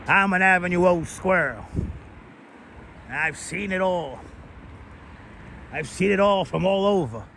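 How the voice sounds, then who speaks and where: A wary, worldly squirrel bragging about everything he has seen, as a man puts him on in a high voice. He talks from a city sidewalk. Clear traffic and street noise run behind him. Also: animated, unhurried, pauses often, fairly bright tone, heavily acted.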